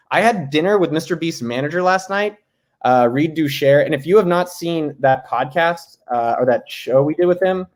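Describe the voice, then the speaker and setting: A man hosts a live stream from his house, loose and jokey as he greets viewers by name. His voice sits a bit higher than most men's. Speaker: host. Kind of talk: casual livestream chat. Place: home.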